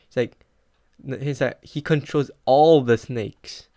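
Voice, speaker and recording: A man's voice: medium pitch, slow pace, warm tone, dry recording. Teenage male reviewer, chatty and rambling, mid-range voice, dry recording. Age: teens. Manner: rambling, filler-heavy with frequent "like". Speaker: comic book reviewer. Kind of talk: casual comic book review.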